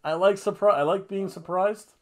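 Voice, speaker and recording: A man's voice: sits high, steady tone, moderate pace. Rambling, tipsy man. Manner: jokey, rambling, breaks into goofy singing and chants. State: a bit tipsy from wine. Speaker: podcast co-host reviewing wrestling. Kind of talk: casual rambling review.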